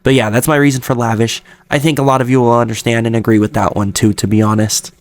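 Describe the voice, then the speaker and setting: Guy hyping up his fave song parts, chatty and excited, casual fan talk, mid-pitched voice. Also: fast talker. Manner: enthusiastic, chatty fan talk with playful jokes. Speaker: music reviewer YouTuber. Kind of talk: casual album review monologue.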